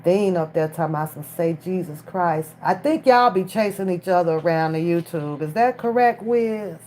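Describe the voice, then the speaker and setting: Talking straight to her chat, a livestream commentator speaks casually from her phone in a fairly low, dark-toned voice at an ordinary pace. A little background noise can be heard.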